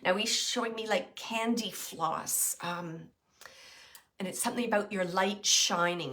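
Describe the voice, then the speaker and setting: A woman with a bright, clear voice gives a live psychic reading to her viewers. She thinks aloud, hesitating often and filling pauses with small sounds as she describes impressions the moment they come to her. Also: mid-range voice. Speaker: psychic medium.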